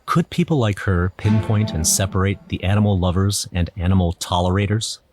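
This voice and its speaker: A man's voice: low-pitched, a little fast. A man narrating an audio drama in first person, nervous and wry. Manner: nervous, wry inner monologue. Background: music.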